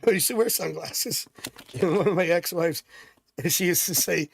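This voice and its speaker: Chatty gravelly man reading tarot cards. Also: high-pitched, normal speed, no echo. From Canada. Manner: rambling, chatty, jokey asides. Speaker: tarot reader. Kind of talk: live-stream tarot reading.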